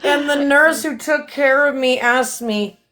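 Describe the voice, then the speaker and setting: Woman, fairly high voice, blunt, swears constantly, animated storyteller, casual livestream chat. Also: measured pace, faint music behind. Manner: blunt and heavily profane, animated retelling. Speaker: livestream host.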